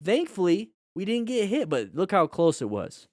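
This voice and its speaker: A man's voice: sits high, wildly swooping pitch, moderate pace, darkish tone, no echo, clean studio sound. A man hosting a casual livestream, commenting on riding videos as a motorcycle instructor, joking and teaching in a loose conversational way with lots of fillers.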